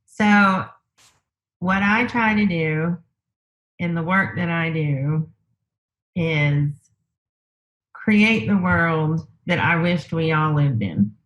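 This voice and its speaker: A woman guest in a conversational interview, telling a personal story in an unhurried way, thinking aloud with lots of fillers. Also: deep voice, lively intonation, a bit bright, muffled recording.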